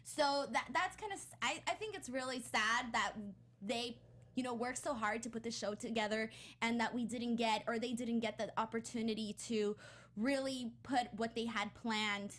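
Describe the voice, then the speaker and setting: A woman on a podcast panel, chatting casually as an excitable fan, restarting sentences and piling on fillers. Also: a little high, normal speed. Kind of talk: casual chat.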